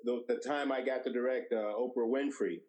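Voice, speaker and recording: Middle-aged man, mid-pitched voice, anecdotal storyteller, acts out dialogue. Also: fairly quick, poor audio. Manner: animated storyteller who acts out quoted dialogue. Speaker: guest, TV director.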